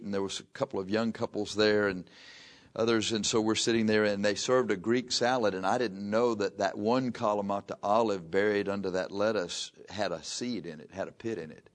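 An older man preaching a folksy sermon, reading scripture slowly and telling homespun stories. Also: on the low side. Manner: slow, drawn-out scripture reading mixed with chatty anecdotes.

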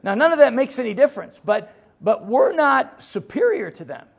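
A middle-aged man preaching a sermon as pastor, folksy and joking, swinging from loud emphasis to low asides. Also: big pitch swings, moderate pace, gravelly, slightly rough.

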